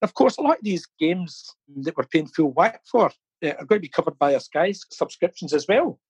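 A man's voice: on the high side, very animated, fairly quick, husky, no room sound, low-quality recording. A middle-aged man, telling stories as an interview guest, laughing often and repeating words as he thinks. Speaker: interview guest, fan campaigner. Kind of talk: casual storytelling interview. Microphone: phone or video call.

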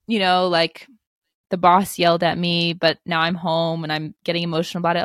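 A woman in her twenties, a spiritual life coach, speaking in a gentle, reassuring way with many "like" fillers in a podcast interview. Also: lowish voice, flat delivery, fairly quick, clean tone, no echo, studio quality. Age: 20s.

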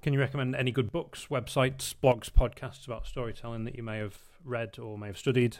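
A man's voice: medium pitch, steady tone, fairly quick, crowd noise. A man hosting a podcast, asking polite, encouraging questions with a lot of hesitant ums. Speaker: podcast host. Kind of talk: interview questions.

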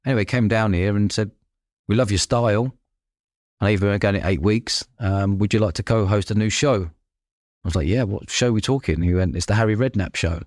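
A man with a lowish voice recounts stories in a relaxed podcast conversation. He bounces between his own voice and animated impressions of the people in his tales, laughing as he goes. The sound is dry and close. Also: brisk, no room sound. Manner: animated anecdotes, acts out quoted voices, laughs often. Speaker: podcast host. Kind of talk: casual storytelling chat.

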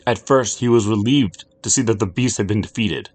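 A man giving scripted narration of a dark story in an expressive, storytelling manner. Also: fairly low pitch, brisk.

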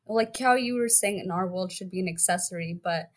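A woman's voice: fairly low pitch, brisk. A woman co-hosting a casual book podcast who talks loosely, with lots of "like" in her sentences. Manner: chatty, says "like" a lot. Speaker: podcast co-host.

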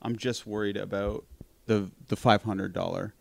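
A man telling a long story in casual conversation, animated, swearing freely and laughing at his own account. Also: lowish voice, moderate pace, gravelly, no room sound.

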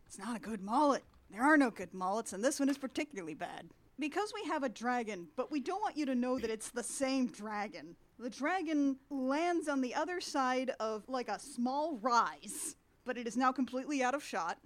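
A woman's voice: high voice, animated. Dry, sarcastic woman recapping a film. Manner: dry, sarcastic, acts out characters in quick asides. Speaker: podcast co-host recapping a film. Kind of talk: casual chat.

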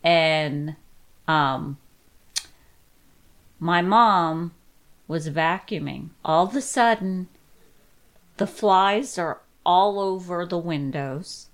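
A middle-aged woman talks as a podcast guest, unhurried and a little low in pitch. She tells her stories casually, growing animated as she retells them. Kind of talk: casual storytelling.

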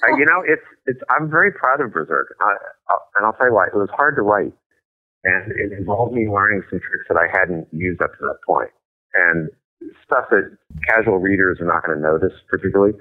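A man's voice: low voice, brisk. A middle-aged man, a guest author in a casual interview, talking in a blunt, profane and emphatic way. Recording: tinny phone-like line.

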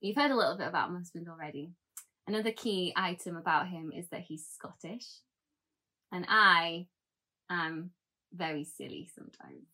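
A woman's voice: medium pitch, pushed and bright. A woman being interviewed in a casual chat, giggling often and poking fun at herself. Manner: giggly, self-deprecating. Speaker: interview guest.

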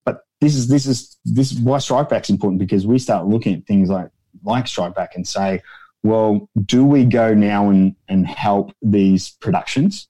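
A man's voice: on the low side, normal speed, warm tone. A man, a guest in a casual interview, telling rambling stories and acting out quotes in a raised voice. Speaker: guest, founder of an extras agency.

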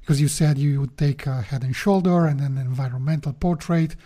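A man's voice: on the high side, a little fast, mellow. A man talking with the host over a video call, hesitant and often repeating words as he searches for them. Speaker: podcast guest. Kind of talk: casual conversation.

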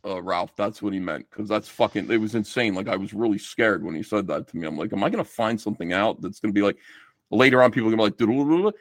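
A man's voice: fairly low pitch, fast, no echo. A middle-aged man chatting casually as a guest on a podcast, swearing and acting out quoted exchanges.

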